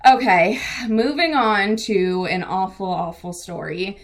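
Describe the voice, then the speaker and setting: A woman's voice: medium pitch, lively intonation, slow. A young woman from the San Diego area co-hosting a casual weekly recap, chatty and laughing often. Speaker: co-host. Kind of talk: casual news recap chat.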